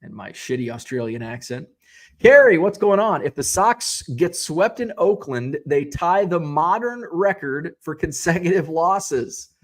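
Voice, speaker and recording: A middle-aged American man hosts a laid-back live-stream show, reading viewer comments and wandering off on tangents while often correcting himself. His voice is on the high side, with lively intonation and a measured pace.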